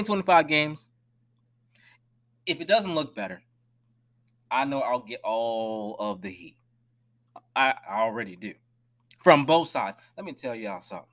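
Emphatic man ranting on a podcast. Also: mid-range voice. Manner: emphatic, swings between loud and hushed; direct, addresses listeners as y'all. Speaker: podcast host. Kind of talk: solo sports podcast rant.

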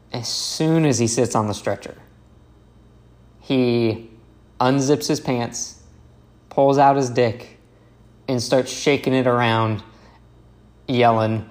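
Slow, halting young man telling a story. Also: mid-range voice, fairly even intonation. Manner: slow, halting, with fillers and restarts. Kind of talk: casual storytelling.

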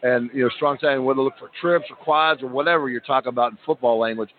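A man's voice: mid-range voice, fast talker, a little hiss or hum. A man in his fifties with a Philadelphia accent, chatting as a radio guest and acting out voices as he tells stories. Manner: animated storyteller, acts out voices. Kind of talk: casual chat. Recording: tinny phone-like line.

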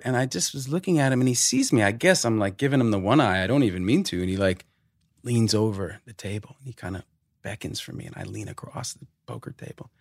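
A man's voice: mid-range voice, brisk, vocal fry, dry recording, clean studio sound. A man in his forties, a podcast guest, telling stories animatedly in casual chat and swearing freely. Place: podcast studio.

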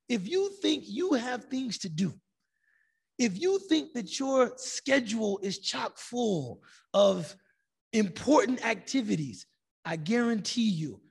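A man teaching a religious class, telling a story in a lively way and acting out the people in it. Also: high-pitched, creaky, husky. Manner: animated storytelling, acting out quoted voices.

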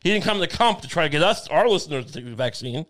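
Higher-voiced man swearing in casual podcast chat. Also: animated, fast, a bit bright. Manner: profane, rambling, joking. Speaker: podcast co-host.

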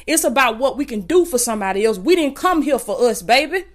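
A woman's voice: high voice, animated, fast. A woman with a Southern Alabama accent preaching fervently on her podcast from home, repeating lines and calling listeners "baby". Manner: impassioned, repetitive, calls listeners "baby".

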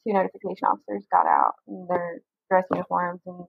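Gravelly young woman on a phone-like line. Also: on the low side, flat delivery, fairly quick, no echo. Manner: candid, rambling, heavy use of "like". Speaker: interview guest. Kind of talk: personal storytelling in conversation. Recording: dry, phone-like narrow sound.

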